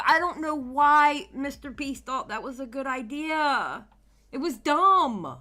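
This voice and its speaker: A woman's voice: high voice, expressive, unhurried, pushed and bright. Exasperated woman ranting on a livestream. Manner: exasperated, ranting at absent people. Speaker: commentary channel host. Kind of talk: livestream reaction commentary.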